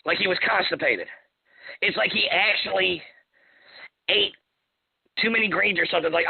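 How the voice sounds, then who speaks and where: A man's voice: high voice, moderate pace, creaky, long pauses, breathy edge, dry recording. A man co-hosting a radio talk show, joking around and repeating words when he gets going. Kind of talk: casual comedic radio chat. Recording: dry, tinny phone-like radio sound.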